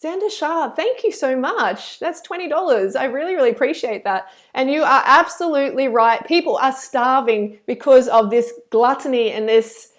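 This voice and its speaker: A woman's voice: sits high, animated, moderate pace, few pauses. A woman hosting a live stream, chatty and effusive when thanking donors, and earnest and preachy when she campaigns. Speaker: live stream host reading super chats.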